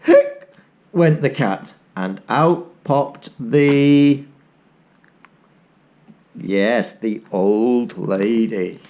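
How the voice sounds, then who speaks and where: A male teacher reading a picture book aloud to young children, animated and inviting them to join in with sounds. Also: mid-range voice, very slow, long pauses.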